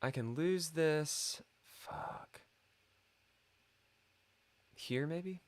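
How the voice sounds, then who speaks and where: A man's voice: on the high side, extremely slow. A man streaming a live chess game, muttering and swearing in frustration at his own moves, complaining of a dry mouth.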